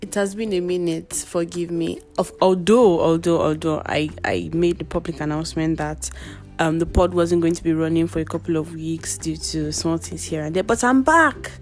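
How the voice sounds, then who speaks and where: A woman hosting a casual solo podcast, with a voice that sits a little low for a woman. She sounds chatty and playful and talks straight to her listeners. Soft music plays faintly underneath. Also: moderate pace. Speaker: podcast host.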